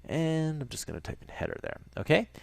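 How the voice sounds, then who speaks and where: A man teaching a coding tutorial, calmly talking through each step as he types. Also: on the high side, a little fast, gravelly, no room sound. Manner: relaxed, talks through steps as he types. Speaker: coding instructor. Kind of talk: screen-recorded coding tutorial.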